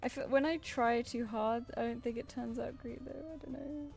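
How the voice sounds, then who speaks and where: A woman's voice: on the high side, steady tone, normal speed, creaky, a little mellow, soft background music. A woman with a Southern English accent chatting casually while she draws on a stream, rambling and restarting her sentences. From England. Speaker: streamer and artist. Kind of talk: casual chat while drawing. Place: home flat with a cat.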